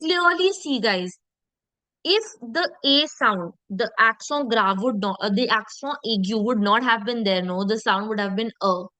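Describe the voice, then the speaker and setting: Slow, deliberate woman teaching pronunciation. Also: fairly high pitch, pushed and bright, no echo, low-quality recording. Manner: repeats sounds slowly, checks in with "okay?". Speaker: French teacher. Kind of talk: online language lesson.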